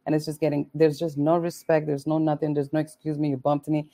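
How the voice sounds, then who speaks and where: Low, gravelly woman co-host. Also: level tone, fairly quick, mellow. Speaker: podcast co-host. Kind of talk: casual chat.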